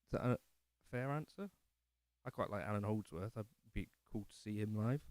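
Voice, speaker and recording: A man's voice: lowish voice, moderate pace, a little mellow, dry recording. A man hosting a casual livestream from his living room, rambling and self-deprecating as he answers chat comments. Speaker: livestream host.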